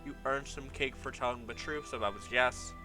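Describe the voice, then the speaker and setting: A man's voice: medium pitch, fairly quick, sharp tone, soft background music. A young man giving casual commentary over old gameplay, nostalgic and laughing often as he reads his old signs aloud. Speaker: gaming YouTuber.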